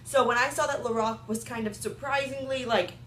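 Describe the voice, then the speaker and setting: A woman's voice: a little high, fairly even intonation, a little fast, a bit bright, reverberant. A young woman reviewing makeup in a chatty, rambling way, full of "like" and "um". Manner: chatty, rambling, filler-heavy with "like" and "um". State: has the hiccups. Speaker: beauty vlogger. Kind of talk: casual product review.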